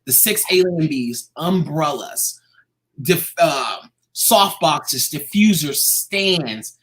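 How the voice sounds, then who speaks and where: A man, a guest artist in an interview, telling a personal story in a lively, casual way. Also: fairly high pitch, slow pace. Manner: animated, acts out quoted voices.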